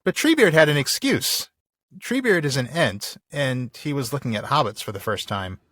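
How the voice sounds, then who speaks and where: Lively man co-hosting a podcast. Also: mid-range voice, moderate pace, dry recording, studio quality. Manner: playful, acts out characters in goofy voices. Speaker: podcast co-host. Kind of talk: casual chat about a book.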